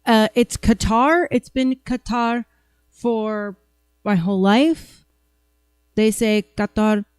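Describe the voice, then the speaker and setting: A woman's voice: medium pitch, fairly even intonation, slow pace, a little mellow, smooth, no room sound. A woman hosting a podcast, giving blunt, sarcastic commentary on news clips. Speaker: podcast host.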